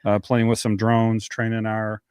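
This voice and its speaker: A man with a smooth, resonant voice gives easygoing shout-outs on a podcast, pausing on fillers. The sound is close and dry, with no room around it. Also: on the low side, monotone, no echo. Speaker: podcast co-host.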